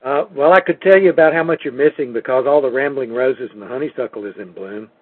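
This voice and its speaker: A man in casual conversation who speaks slowly and thoughtfully, repeating words as he searches for them. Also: mid-range voice, heavy background noise. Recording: phone-line audio, dry.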